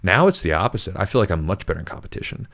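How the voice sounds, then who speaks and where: A man's voice: sits low, very animated, racing, a bit bright. A man hosting a jiu-jitsu podcast, talking in an earnest, rambling way with frequent restarts. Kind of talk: casual podcast chat.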